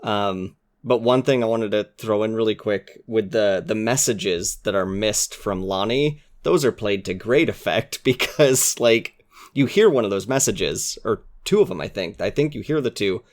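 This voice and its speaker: Low-voiced man chatting as guest. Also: moderate pace. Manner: earnest, enthusiastic, acts out quoted lines. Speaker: podcast guest. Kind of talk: casual chat.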